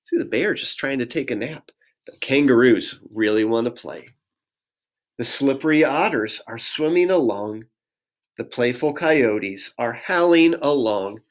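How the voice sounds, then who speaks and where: Slow, lively pastor reading a picture book. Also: male voice, mid-range voice. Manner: gentle, sing-song reading with audience prompts. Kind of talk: children's picture book read-aloud.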